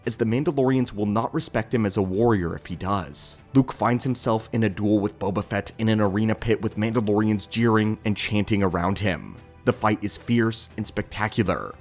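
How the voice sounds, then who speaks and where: A man narrating a scripted story in a steady, measured storytelling delivery as the channel's host. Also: fairly low pitch.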